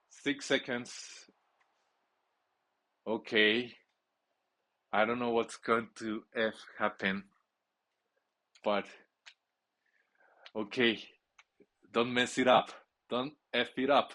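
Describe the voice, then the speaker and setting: Excitable rambling man narrating his gameplay. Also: mid-range voice, slow pace, long pauses. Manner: excitable, rambling, with frequent restarts. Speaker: gamer playing a football video game.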